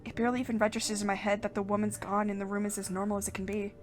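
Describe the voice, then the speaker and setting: A woman's voice: medium pitch, level tone, very fast. A woman hosting a game playthrough, reading the narration aloud with giggly, casual asides. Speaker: let's play host.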